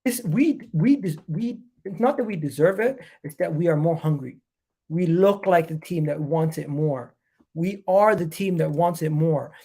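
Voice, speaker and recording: Gravelly, nasal man hyping his football club. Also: a little high, moderate pace, warm tone. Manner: repetitive, emphatic, hyped. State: nasal from a cold. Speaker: football fan channel host. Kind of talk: live match reaction stream.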